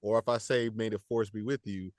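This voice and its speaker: A man who works as a voice actor, talking casually in a podcast interview, animated and slangy, laughing often and repeating words as he goes. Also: on the low side, fairly quick, no echo, clean studio sound. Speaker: voice actor guest.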